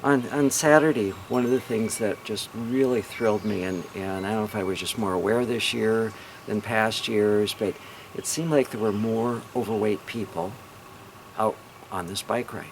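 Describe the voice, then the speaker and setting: A middle-aged hypnotherapist tells his own story in a lowish, earnest voice. He speaks warmly and encouragingly, straight to the listener. Clear background noise runs under the recording. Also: moderate pace. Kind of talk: personal testimonial to viewers.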